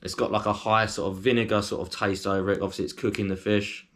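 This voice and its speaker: A man with a fairly low voice talks easily to his viewers as a food vlogger. He rambles a little, circles back to repeat things and fills his pauses with plenty of ums, keeping an informal, conversational flow. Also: level tone, fairly bright tone. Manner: chatty, rambling, with frequent ums and fillers. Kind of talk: casual food review to camera.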